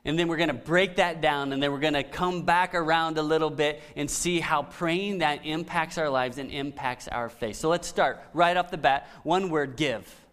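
A middle-aged man preaching a conversational sermon, often dropping to soft, emphatic lines. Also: on the high side, steady tone, normal speed, hardly any pauses, clean tone. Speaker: pastor.

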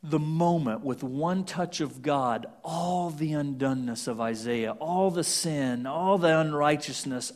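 A man preaching a sermon, swinging from loud emphatic scripture reading to hushed, almost whispered lines. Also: a little high, measured pace, hardly any pauses. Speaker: pastor.

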